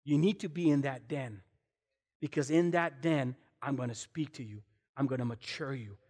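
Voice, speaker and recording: A deep, hushed voice of God, slow and deliberate, as a preacher puts it on, ringing through a church with a long reverb tail. The delivery sounds solemn and steady. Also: male voice, husky, lightly acted. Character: God, calm and solemn, speaking low.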